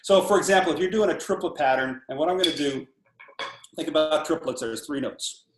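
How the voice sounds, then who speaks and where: A man in his sixties giving a casual drum lesson over a video call, animated and counting off patterns as he explains them. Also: on the high side, a little fast, roomy sound, a little hiss or hum. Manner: animated, talks through patterns while counting off. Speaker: drum instructor.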